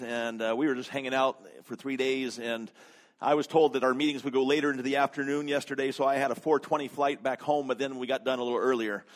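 A man preaching a sermon, telling a story conversationally, with humor and frequent fillers. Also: mid-range voice. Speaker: pastor.

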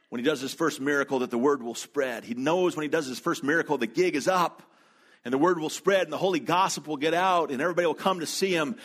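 A man's voice: on the high side, a bit bright. Conversational male pastor preaching. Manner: conversational storytelling with quick asides. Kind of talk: sermon.

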